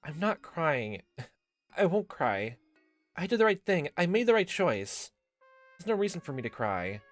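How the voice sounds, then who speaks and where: A man voicing a gentle but guarded teenage girl in a visual novel, his voice raised and softened, turning from sweet to flat and mocking. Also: mid-range voice, fairly quick, faint music behind, close to an everyday voice. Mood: denying. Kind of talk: dramatic reading of visual novel dialogue.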